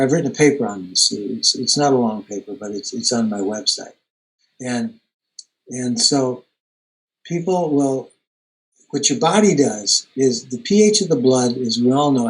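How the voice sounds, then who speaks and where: Halting man explaining dentistry. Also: medium pitch, poor audio. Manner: halting, repeats words, tells anecdotes. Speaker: holistic dentist guest. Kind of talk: online Q&A interview.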